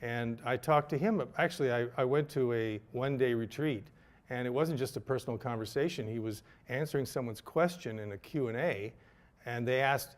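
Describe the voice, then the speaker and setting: A man's voice: mid-range voice, brisk. An older man telling a candid personal story, wry and laughing at himself at times. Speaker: speaker telling his story.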